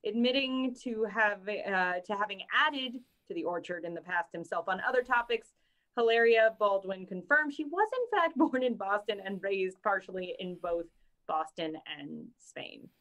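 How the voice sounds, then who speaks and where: A woman co-hosting a casual podcast, reading out topics and chatting in an animated, joking way. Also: medium pitch, normal speed. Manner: animated and joking, mimicking others. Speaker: co-host reading the news topics.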